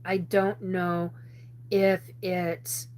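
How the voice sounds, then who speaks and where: A woman's voice: on the low side, flat delivery, drawn-out words, darkish tone. Rambling woman telling a story. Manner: rambling, laughs often, many restarts. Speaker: host. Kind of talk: casual storytelling on a live show.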